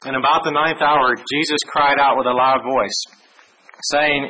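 A man giving a Bible lesson, reading verses aloud in a measured way with small restarts. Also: medium pitch, fairly even intonation, pushed and bright, a little hiss or hum, rough recording. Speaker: Bible teacher. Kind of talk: sermon with scripture reading.

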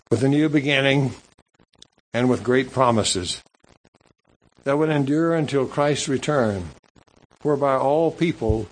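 A man preaching at an even, middle pitch. He reads scripture slowly and comments between the verses. His delivery is halting, with frequent restarts and repeated words. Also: poor audio. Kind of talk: sermon.

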